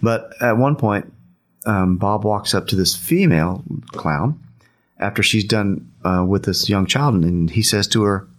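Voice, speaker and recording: Slightly low-voiced man telling a story. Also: expressive, unhurried. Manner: laughs often while telling, repeats himself, acts out quotes. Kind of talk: casual anecdote telling.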